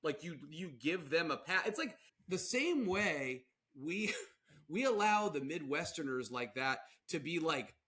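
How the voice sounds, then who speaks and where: A man's voice: on the high side, sing-song, a little slow, bright, forceful tone. A man co-hosting a podcast in casual, rambling chat, often breaking into silly put-on voices. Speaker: podcast co-host.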